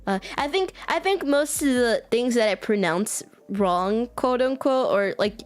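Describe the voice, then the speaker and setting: A woman's voice: on the high side, animated, measured pace. A woman with an American accent chatting casually with her live chat as a streamer, giggling often and saying "like" a lot. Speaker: VTuber streamer.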